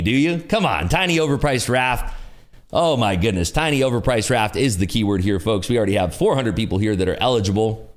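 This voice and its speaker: A man hosting a casual livestream from his garage, joking, laughing often and repeating catchphrases. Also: medium pitch. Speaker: livestream host. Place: home garage.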